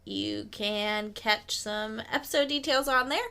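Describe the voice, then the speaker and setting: A woman's voice: medium pitch, unhurried, vocal fry, bright, forceful tone, clean tone. A woman co-hosting a podcast in casual chat who laughs often. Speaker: podcast co-host.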